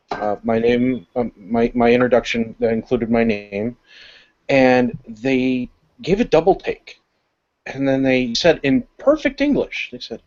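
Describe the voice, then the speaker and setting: A man from the United States co-hosting a podcast, telling a rambling, animated story in casual chat. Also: mid-range voice, unhurried, dull audio. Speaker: podcast co-host.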